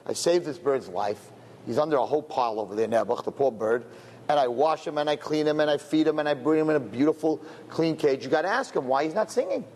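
Soft-hearted farmer, worried and pleading, voiced by a male preacher, roomy hall. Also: fairly high pitch, lively intonation, quick pace. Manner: fretful, pleading.

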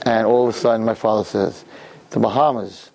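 A man who teaches, telling a personal story to a live audience in an animated, expressive way. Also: quick pace. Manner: animated, expressive storyteller with big pitch swings.

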